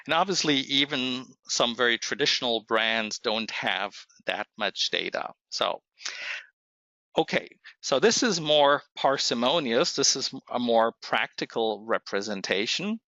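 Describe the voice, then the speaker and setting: Hoarse man, slow gravelly webinar presenter, bright voice, dull lo-fi dry audio. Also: medium pitch, lively intonation, no room sound. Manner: measured, explanatory, thinks aloud with pauses. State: hoarse, losing his voice. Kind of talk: software tutorial webinar. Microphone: computer mic on a webinar call.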